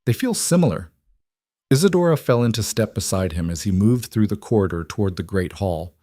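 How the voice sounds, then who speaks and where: A man reads a fantasy story in a steady, measured way, his voice sitting low. The sound is dry and close to the mic, with no room at all. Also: no room sound. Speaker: narrator. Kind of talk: scripted narration.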